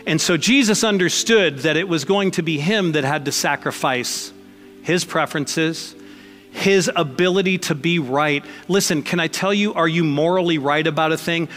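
A man's voice: on the high side, moderate pace, a bit bright, big-room sound, faint music behind. A man preaching a sermon as pastor, conversational and emphatic, mixing blunt jokes into his points.

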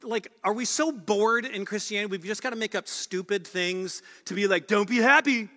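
A male pastor with a high, bright, forceful voice delivers an earnest, conversational sermon. He leans on repeated phrases to drive his points home. His words ring out with a long reverb, as if filling a large church. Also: fairly even intonation, normal speed.

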